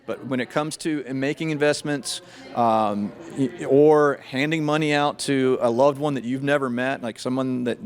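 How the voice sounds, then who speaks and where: A middle-aged man, an FBI agent, answering interview questions about scams in a measured, thoughtful way with frequent restarts. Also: mid-range voice.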